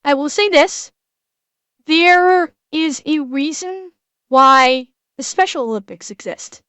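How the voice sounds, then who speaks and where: A woman streamer giving a casual reaction commentary, earnest and emotional, talking in halting bursts full of restarts and repeated words. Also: sits high, fairly bright tone, no echo.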